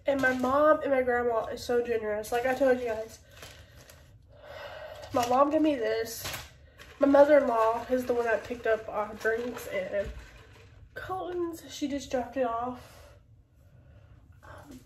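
A woman vlogger talks casually in her kitchen, her nose stuffed up from a cold. She rambles along with sighs and small laughs. Her voice is a little high, and it comes from a bit away from the mic in an echoey room. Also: a little slow, long pauses, recorded from a distance, slight background noise. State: congested nose. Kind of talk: casual vlog chat. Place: kitchen at home.

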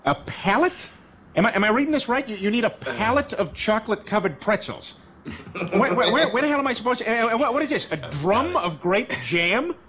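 A man voicing a loud, bumbling middle-aged cartoon dad who rants in a blustery, exasperated way. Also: sits high, sing-song, fairly quick, exaggerated voice. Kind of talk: cartoon sitcom voice acting.

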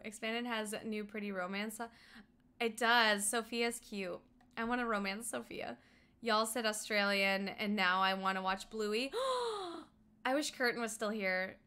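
A young woman in her twenties from Colorado, United States, games while chatting casually with her stream, laughing often and answering chat. She talks at a moderate pace in a medium-pitched, sharp-toned voice.

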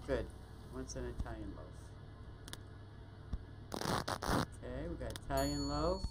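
A woman playing a bakery shop game, muttering to herself as she works, with quick exclamations and mild swearing. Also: extremely low pitch, very noisy. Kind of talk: casual let's-play commentary.

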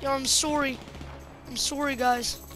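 High-voiced excitable young woman gamer. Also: measured pace, over music. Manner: excitable, repeats apologies over and over, jokey. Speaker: gameplay streamer. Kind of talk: casual gameplay commentary.

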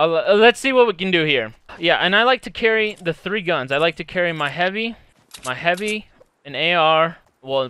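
A young man casually commenting on his own gameplay, excitable and swearing often, sometimes breaking into angry shouts. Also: on the high side, clear, resonant tone. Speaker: gamer streamer.

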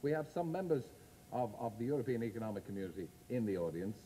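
A man's voice: medium pitch, big pitch swings, warm tone, a little hiss or hum. A man hosting a chat show in front of a studio audience, bantering and teasing his guest. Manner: teasing, quick-witted banter. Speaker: talk show host.

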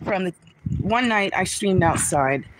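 A woman's voice: mid-range voice, expressive, measured pace, poor audio. A woman livestreamer ranting angrily and bitterly, swearing constantly and complaining. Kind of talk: angry livestream rant. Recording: livestream clip with background noise.

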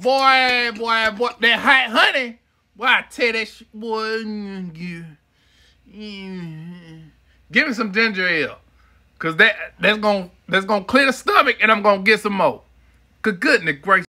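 A streamer doing casual reaction commentary, swearing freely and shouting questions back at the screen. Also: mid-range voice, unhurried. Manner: profane, exclaiming, talking back to the screen. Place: home streaming setup. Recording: noisy stream mic.

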